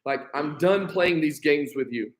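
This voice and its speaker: In church, an American pastor with a bright, high voice leads a midweek Bible study, reading passages aloud and then loosely paraphrasing them in modern terms. He speaks a little slowly, and the recording is low quality.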